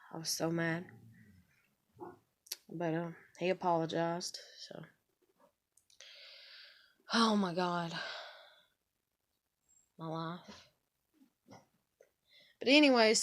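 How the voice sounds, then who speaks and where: A woman's voice: lowish voice, fairly bright tone. A woman, rambling through a personal story in a candid vlog and swearing casually. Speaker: vlogger.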